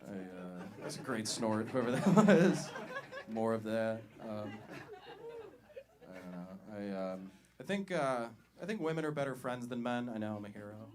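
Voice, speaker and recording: Young man, stand-up host, deadpan, animated pitch, live audience laughter behind. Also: moderate pace. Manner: conversational, deadpan delivery with loud hype-up. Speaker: comedy show host. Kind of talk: stand-up comedy. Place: comedy venue with live audience. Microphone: handheld stage mic. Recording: live crowd audible.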